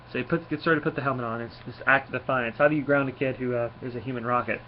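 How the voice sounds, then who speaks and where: A man's voice: mid-range voice, fairly even intonation, racing, hardly any pauses. A man giving a casual spoken review, rambling along with frequent fillers and restarts. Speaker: comic book reviewer. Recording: slightly dull lo-fi recording with faint noise.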